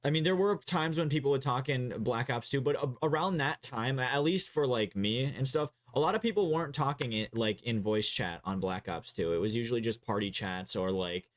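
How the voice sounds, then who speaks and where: Young man, streamer co-host, rambling, filler-heavy, swearing, mid pitch. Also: brisk, hardly any pauses. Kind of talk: casual gaming chat.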